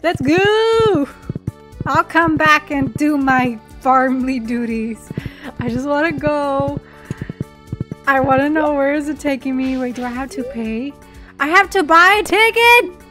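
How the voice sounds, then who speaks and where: Eine Frau, die locker und aufgeregt ein Spiel kommentiert, oft nach Luft schnappt und kichert. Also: female voice, sits high, a little slow, poor audio. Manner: excitable, gasping and giggling often. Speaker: gaming channel host. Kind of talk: casual gameplay commentary. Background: soft game music.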